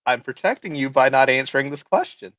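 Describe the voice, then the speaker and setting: A man voicing a secretive adult patron who dodges questions and speaks with quiet menace, recorded close and dry. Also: mid-range voice, lively intonation, brisk, dry recording, natural voice. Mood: evasive.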